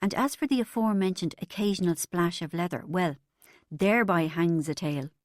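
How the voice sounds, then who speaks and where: A woman's voice: on the low side, a little fast, no echo, studio quality. A woman reading a comic novel aloud as an audiobook narrator, in a wry storytelling manner.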